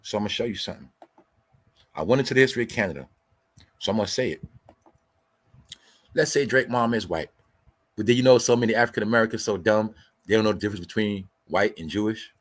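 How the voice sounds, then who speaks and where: A male host with a lowish voice gives a heated commentary rant. He swears freely and argues hard, lecturing his audience. He hammers the same points over and over. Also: fast talker, pauses often. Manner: profane, combative, lecturing; repeats points for emphasis.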